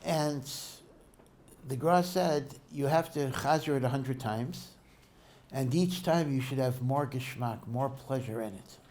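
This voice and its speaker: A rabbi gives a Torah lecture, captured as a podcast recording, in a conversational, digressive storytelling style. He often restarts sentences and uses Hebrew and Yiddish learning terms, speaking in a mid-range, slightly mellow voice at a measured pace.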